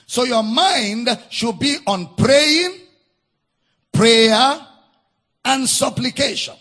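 A man preaching with a very high, husky voice that rises into shouts and sung phrases. He talks slowly and pulls words out long, and his pitch swings widely from line to line. He repeats key phrases over and over for emphasis. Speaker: pastor. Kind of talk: sermon. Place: church service.

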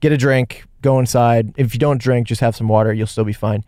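Jokey animated man reviewing films. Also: mid-range voice, smooth, no echo, studio quality. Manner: animated, jokey, quick asides. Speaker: podcast co-host. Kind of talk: casual movie review chat.

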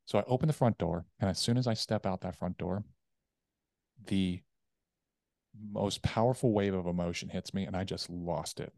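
Low-voiced man telling a raw story. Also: moderate pace, vocal fry, no echo, clean studio sound. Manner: candid, animated retelling with acted quotes. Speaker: podcast guest. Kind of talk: personal storytelling.

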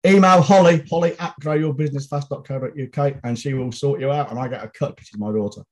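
A man's voice: medium pitch, quick pace. A middle-aged man, co-hosting a podcast in blunt, outspoken, sweary casual chat. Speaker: podcast co-host.

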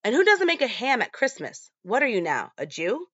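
A woman's voice: on the high side, wildly swooping pitch, normal speed, a bit bright, no room sound, dull audio, voice pushed up, exaggerated voice. A woman voicing a cranky, snide older aunt in a film recap, sneering and complaining.

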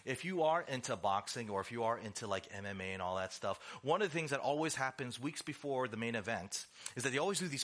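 A man preaching a sermon as pastor, acting out quotes and asking "right?" as he goes. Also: medium pitch. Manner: animated, acts out quotes, rhetorical "right?".

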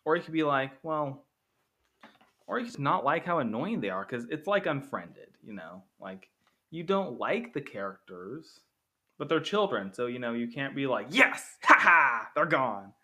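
A man talks through a casual podcast monologue, rambling with plenty of ums and uhs and slipping into quoted lines. His voice is bright and forward, with a middling pitch. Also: big pitch swings, normal speed. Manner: rambling, with many fillers, acting out quotes. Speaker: podcast host. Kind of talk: casual movie comparison monologue.

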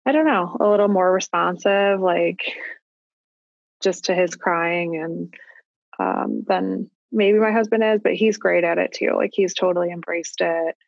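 A woman in her thirties, a parent talking about her family in a casual conversation, thoughtful and halting, with frequent restarts. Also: lowish voice, animated, creaky, no room sound, muffled recording. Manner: reflective, halting with restarts and likes. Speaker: guest parent.

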